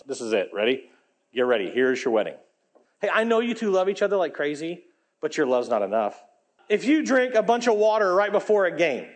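A man preaching a lively sermon as pastor, swinging between loud, high lines and quiet, low asides. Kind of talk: energetic sermon.

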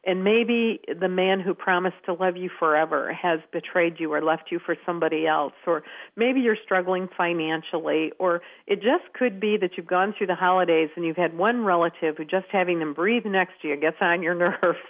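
A woman's voice: on the low side, normal speed. An older woman telling stories earnestly as a guest on a phone-in radio interview. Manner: earnest, warmly emphatic storyteller. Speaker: guest speaker. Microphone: telephone. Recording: tinny phone line.

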